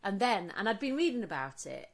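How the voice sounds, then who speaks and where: A woman's voice: mid-range voice, big pitch swings, a little fast, vocal fry. A middle-aged woman co-hosting a podcast, telling stories in casual chat, sweary and laughing often. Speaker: podcast co-host.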